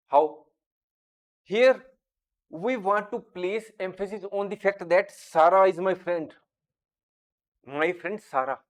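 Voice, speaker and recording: A man teaching a grammar lesson, going through each example slowly and deliberately. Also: high voice. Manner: slow, deliberate, explains each example step by step. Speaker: English teacher.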